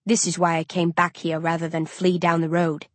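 A woman's voice: on the low side, level tone, moderate pace, dry recording. A woman reading a tense story aloud in first person, as an audiobook narrator.

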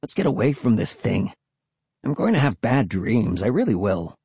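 A man voicing a frightened, jumpy young boy, speaking in a hushed, anxious, drawn-out way. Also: lowish voice, big pitch swings, creaky, breathy edge, dry recording, exaggerated voice. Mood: nervous.

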